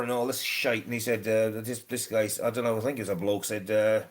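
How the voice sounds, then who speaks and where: A man's voice: mid-range voice, a little fast, few pauses. A man in casual podcast chat, ranting, swearing freely and stumbling over repeated words.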